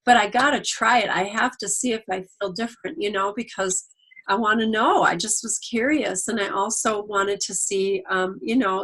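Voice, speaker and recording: Animated middle-aged woman on a video call. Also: medium pitch. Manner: animated storyteller, acts out quotes. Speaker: product distributor. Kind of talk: casual testimonial on a video call.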